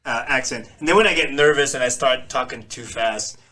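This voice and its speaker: A man's voice: medium pitch, a little fast. A man in his forties from the Philippines, with a slight Filipino accent, co-hosting a casual podcast and telling stories with frequent laughter. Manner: laughs often, animated storytelling. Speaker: podcast co-host.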